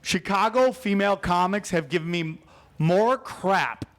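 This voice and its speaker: A man with a notably high voice tells comedy stories as a podcast guest. He rants in an animated, profane way, pushing hard on each point. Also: unhurried. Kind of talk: storytelling in a podcast chat. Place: podcast studio.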